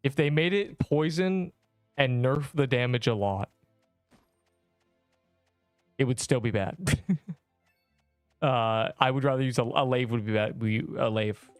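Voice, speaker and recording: A young man streaming a game and talking to his chat in a loose, rambling way, full of slang and playful fake anger. His voice sits at an ordinary middle pitch. The sound is close and dry, with faint music playing underneath. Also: a little slow, long pauses, clean tone, dry recording. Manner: joking mock outrage, slangy and rambling. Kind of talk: casual livestream chat.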